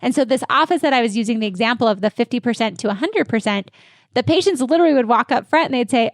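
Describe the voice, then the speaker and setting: A woman dental practice consultant giving energetic, confident coaching answers in an interview. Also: fairly high pitch, fast talker, no echo, studio quality.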